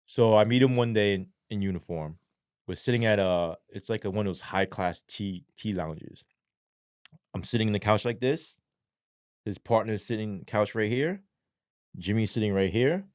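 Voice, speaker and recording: A man's voice: lowish voice, moderate pace, no echo, clean studio sound. A man who is a former police sergeant, telling a story in a casual interview, swearing often and acting out quotes. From New York. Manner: profane, animated storytelling with acted quotes.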